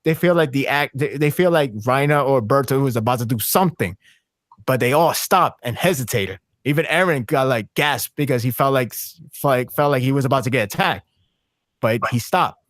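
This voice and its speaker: A man talking casually on a podcast, excitable and rambling, with frequent restarts and fillers. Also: mid-range voice, normal speed, no room sound, clean studio sound. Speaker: podcast co-host.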